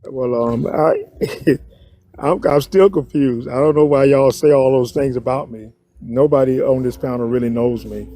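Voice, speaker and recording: A man on a live online panel debate, talking slowly and deliberately with many pauses. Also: mid-range voice, dark tone, no echo. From Miami.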